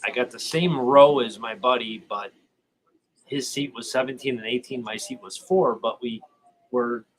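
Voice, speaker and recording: A man at middle pitch telling a long story as a livestream guest. He rambles and restarts lines, animated as he builds his anecdote. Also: moderate pace, a little hiss or hum, low-quality recording. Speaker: guest fan. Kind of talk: casual storytelling.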